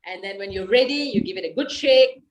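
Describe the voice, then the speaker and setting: A woman's voice: medium pitch, brisk, a little hiss or hum, poor audio. A woman leading a guided laughter yoga session over a video call, coaxing and encouraging her listeners.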